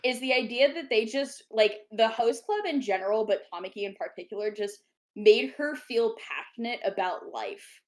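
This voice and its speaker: A woman co-hosting a casual book club chat, animated and laughing often as she defends a series. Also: fairly high pitch, normal speed. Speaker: podcast co-host.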